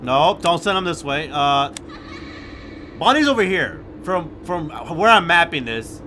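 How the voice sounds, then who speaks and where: A young man giving gameplay commentary, swinging from hushed muttering to loud, sweary shouting. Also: a little high, big pitch swings, measured pace, slight background noise. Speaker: gaming YouTuber.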